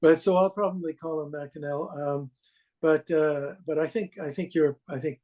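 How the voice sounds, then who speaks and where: A Canadian man, an author and documentarian, answering interview questions in a halting way with many restarts and fillers. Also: on the high side, steady tone, a little mellow, low-quality recording.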